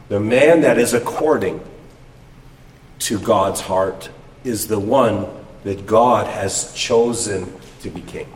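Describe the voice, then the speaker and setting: Male Bible study voice, deliberate and unhurried, distant pickup with long reverb. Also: mid-range voice. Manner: measured, thoughtful. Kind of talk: reflective teaching comment. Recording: distant mic in echoey hall.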